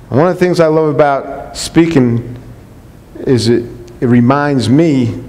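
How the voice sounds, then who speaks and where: A man's voice: mid-range voice, darkish tone. A man, a chiropractor, giving an unscripted and enthusiastic talk to colleagues, repeating his points with earnest conviction. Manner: earnest, repetitive, enthusiastic preaching tone with restarts. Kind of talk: unscripted talk to a live audience. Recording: long hall reverb.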